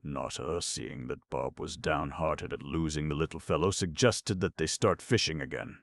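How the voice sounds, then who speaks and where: A male audiobook narrator with a very deep, gravelly voice, reading a storybook steadily and without hurry. The recording is close and dry. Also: normal speed, no echo. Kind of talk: scripted narration.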